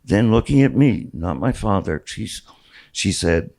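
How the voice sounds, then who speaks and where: A man's voice: on the low side, expressive, measured pace, darkish tone, rough recording. A man in his sixties reading from his own memoir aloud at a bookstore event, wry and storytelling. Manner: storytelling, wry, with small restarts. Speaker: author.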